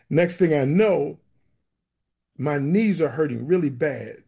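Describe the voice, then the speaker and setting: A man with a dark, husky voice, telling a personal faith story to an interviewer. He speaks earnestly and with emotion, slipping into the voices of the people in his story as he narrates. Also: on the high side, lively intonation, slow. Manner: vivid storyteller who acts out quoted dialogue. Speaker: guest sharing his faith testimony.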